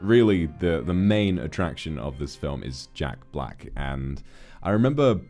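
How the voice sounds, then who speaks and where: A deep-voiced man talking through a film review on a livestream. He rambles with animated swings of energy, stopping to correct himself and restart his sentences. Soft music plays faintly underneath. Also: measured pace. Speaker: streamer host.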